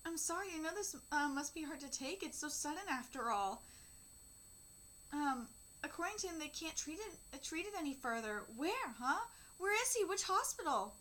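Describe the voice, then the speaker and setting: A woman in her thirties hosting a manga reaction, reading the dialogue aloud and reacting with candid emotion. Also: high-pitched. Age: 30s. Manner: emotional and candid, reads dialogue flatly between outbursts.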